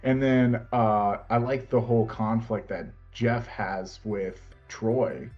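A man's voice: on the low side, slow pace, soft background music. Rambling man chatting with a dull sound. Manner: rambling, laughs often, breaks into quoted voices. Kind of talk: casual chat about a TV show.

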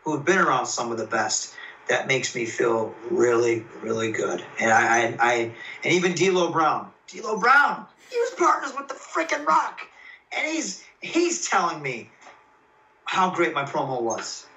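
A man, a professional wrestler, telling stories in a casual interview, excitable and rambling with lots of fillers and restarts. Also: on the high side, measured pace, vocal fry, recorded from a distance, muffled recording.

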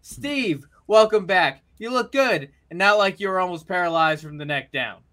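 Guy doing a smug bossy wrestling owner, high bright voice, ordering people around. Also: animated, normal speed. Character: smug male wrestling company boss, controlling.

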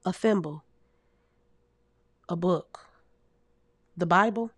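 A woman in her thirties telling comic stories to her audience in a casual, animated, heavily profane way, laughing often as a podcast host. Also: lowish voice, slow, breathy edge, no echo. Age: 30s. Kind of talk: casual comedic storytelling.

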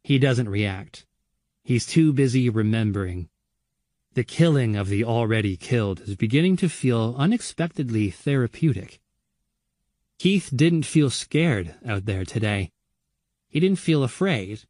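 A man narrating a horror audiobook in a measured, grim way. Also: mid-range voice, expressive, a little mellow, no echo, studio quality.

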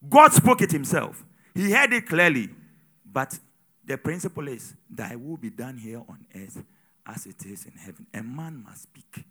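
Man preaching a sermon, swoopy animated delivery, big loud bits then hushed asides. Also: measured pace. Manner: call-and-response preaching, swings from loud exhortation to low asides. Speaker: pastor.

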